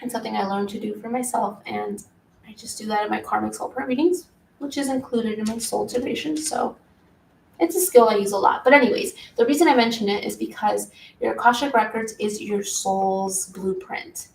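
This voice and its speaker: A woman's voice: mid-range voice, brisk, creaky, reverberant, distant mic, slight background noise, low-quality recording. A woman giving a live tarot reading from home, in a flowing spiritual way of talking. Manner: flowing spiritual talk, stops to scold her pets. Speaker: tarot reader. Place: home room.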